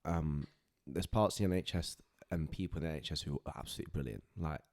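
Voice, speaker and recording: Deep-voiced man, earnest and halting. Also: a little mellow. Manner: earnest, heartfelt, halting with many restarts. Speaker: podcast guest. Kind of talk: candid personal storytelling.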